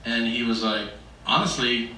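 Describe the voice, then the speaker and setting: Male comedian, animated storyteller, very bright tone, heard far off through room echo. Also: medium pitch, moderate pace, a little hiss or hum. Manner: animated, acts out other people's lines. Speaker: stand-up comedian. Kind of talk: stand-up storytelling. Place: stage before a live audience. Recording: distant, echoey stage recording.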